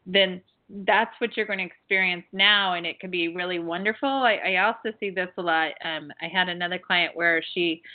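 A woman hosting a call-in show about past lives, telling stories in a chatty, earnest way with many fillers. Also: on the low side. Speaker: host and past-life healer. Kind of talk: call-in radio show talk. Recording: tinny phone line.

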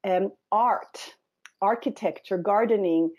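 A woman author being interviewed on the radio, talking in a thoughtful, measured way with pauses. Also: medium pitch, darkish tone. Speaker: author and guest.

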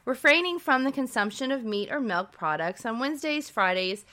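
Bright-voiced female podcast co-host. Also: a little high, lively intonation, moderate pace. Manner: reads facts aloud, friendly back-and-forth. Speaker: nurse practitioner co-host. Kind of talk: conversational podcast talk.

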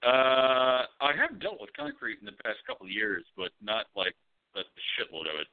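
A man co-hosting a podcast, telling stories in a loose, profane, animated way. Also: mid-range voice, moderate pace. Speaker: podcast co-host. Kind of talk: casual chat. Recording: tinny phone-like audio.

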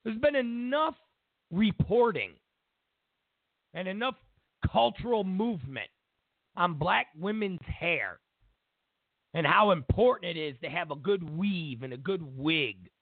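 A man hosting a show, giving an opinionated political commentary as a mocking, animated rant. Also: sits high, measured pace, pauses often, dry recording. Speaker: show host. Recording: tinny phone-like dry audio.

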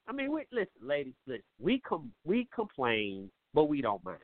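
A man's voice: medium pitch, huge pitch swings, moderate pace, few pauses, no echo. A man hosting a call-in show, rambling and joking with lots of swearing. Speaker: show host. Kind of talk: comedic call-in show monologue. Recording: tinny phone-like line, dry.

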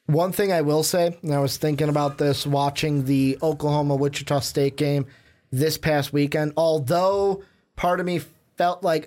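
A young man co-hosting a casual sports podcast, animated and jokey, often cutting in on his partner. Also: a little high, normal speed. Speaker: podcast co-host.

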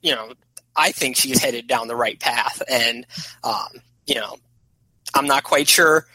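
A man's voice: medium pitch, measured pace, pushed and bright, no echo, low-quality recording. A man talking as a podcast guest in casual chat, a rambling, opinionated sports fan.

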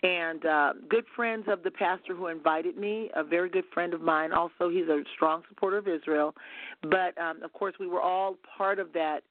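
A woman's voice: lowish voice, moderate pace, no room sound. Radio guest minister, woman, earnest storyteller, heard over a phone line. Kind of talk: testimony on a call-in radio show. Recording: tinny phone line, dry.

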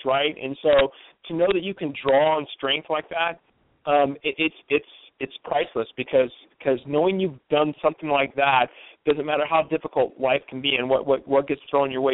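A man's voice: medium pitch, no room sound. A man talking earnestly and reflectively in a conversational interview, often restarting his sentences. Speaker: guest. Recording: tinny phone-line audio, dry.

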